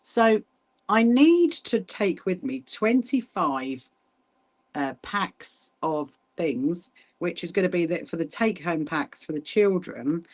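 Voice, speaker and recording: A woman's voice: on the low side, expressive, takes it slowly. A middle-aged woman hosting a casual sewing livestream, chatting with viewers and rambling through asides while she hand stitches. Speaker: livestream host.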